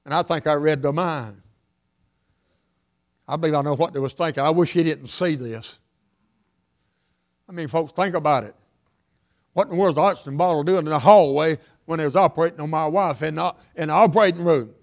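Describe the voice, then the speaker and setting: An older man preaching a sermon, repeating lines for emphasis and swinging between loud and hushed delivery. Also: on the high side, fast talker.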